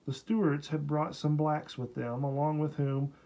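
A man reading a historical novel aloud as an audiobook, in steady, unhurried storytelling. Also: a little high, low-quality recording. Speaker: audiobook reader. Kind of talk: scripted narration.

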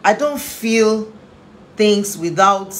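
A woman speaking to parents with earnest, pleading conviction, at a medium pitch. She leans on repetition to drive each point home. Her emotion runs close to the surface. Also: extremely slow, a bit bright, slight background noise. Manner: earnest, repeats phrases for emphasis. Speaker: family therapist and inspirational speaker. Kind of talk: impassioned parenting talk.

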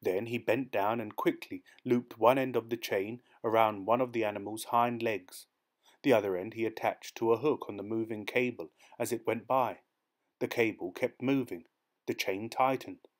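A man reading a dark short story aloud as an audiobook narrator, in a measured, steady storytelling manner. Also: lowish voice. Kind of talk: scripted narration.

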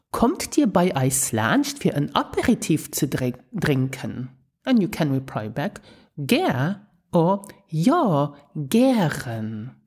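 Breathy woman teaching slow, lively language drills. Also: low voice. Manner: slow, careful drills of words and phrases. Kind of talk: podcast language lesson. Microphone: podcast microphone.

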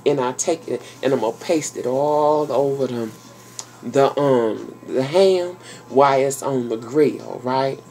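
A woman's voice: extremely low pitch, a little slow, warm tone, slight background noise. A grandmother vlogging from her home office, tired and speaking in a folksy, salty way, calling her viewers honey and baby. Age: older. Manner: folksy, salty, talks straight to viewers with endearments. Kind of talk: casual vlog chat.

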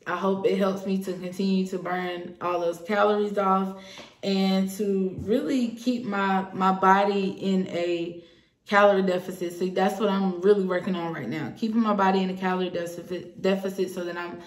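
A woman's voice: medium pitch, fairly even intonation, normal speed. A young woman talking casually to her viewers in an earnest, personal and hopeful way. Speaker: vlogger. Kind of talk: casual talk to camera. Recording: echoey room.

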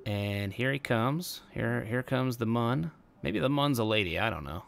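A young man giving casual let's-play commentary, excitable and bursting into loud exclamations. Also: medium pitch, a little slow, vocal fry. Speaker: gameplay commentator.

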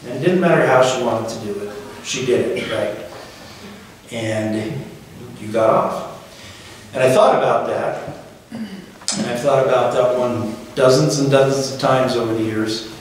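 A middle-aged man giving his father's eulogy at a funeral, speaking in a halting, reflective way with gentle humor. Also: medium pitch. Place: funeral chapel. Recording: very echoey hall from far off, faint noise.

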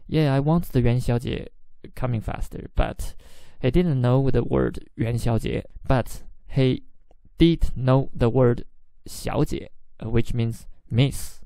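Male podcast teacher, unhurried, patient explainer, dark mellow tone. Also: mid-range voice, gravelly, no room sound. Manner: explains words slowly, mixing in example phrases. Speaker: Chinese language teacher. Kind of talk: podcast language lesson; reading a diary aloud.

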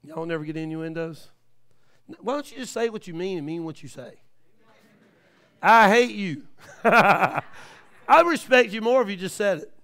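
A man in his fifties preaching a live church sermon, telling stories in a folksy way with many amens. He swings from quiet asides to shouted peaks. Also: fairly high pitch, lively intonation, fairly quick, clear, resonant tone. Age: 50s. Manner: folksy, with frequent amens and praise the lord.

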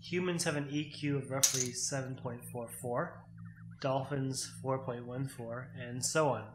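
A man co-hosting a casual chat over a card game, explaining things at length with nerdy excitement. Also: mid-range voice, unhurried, roomy sound, noisy background. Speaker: podcast co-host.

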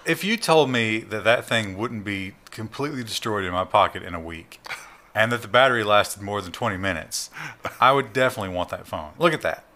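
A man co-hosting a tech news show in casual banter, his voice bright and forward. He talks with sarcastic, playful exaggeration. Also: fairly low pitch, lively intonation, fairly quick.

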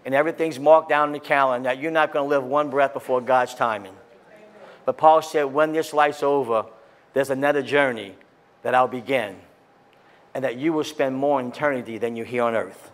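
A man leads a sermon at normal speed and medium pitch. As a pastor, he's fervent and excitable, shifting from booming high points to soft-spoken scripture.

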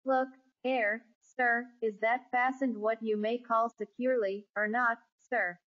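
A woman's voice: a little high, fairly even intonation, unhurried, fairly bright tone. A woman voicing a nervous working-class male ship steward who fusses, pleads and drops his h's while calling everyone sir. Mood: fretful. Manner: drops and adds h sounds, says sir constantly; pleading, fretful. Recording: dull lo-fi recording.

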